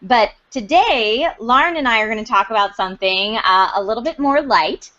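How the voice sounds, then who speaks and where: A woman's voice: fairly high pitch, normal speed, pushed and bright, highs cut off. A woman hosting a casual chat show, bubbly and upbeat. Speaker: podcast host.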